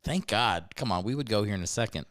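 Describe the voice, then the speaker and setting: Podcast guest guy, lowish voice, deadpan jokes, dry close mic. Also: fast talker, no echo. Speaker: podcast guest, actor and writer. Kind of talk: casual comedic banter.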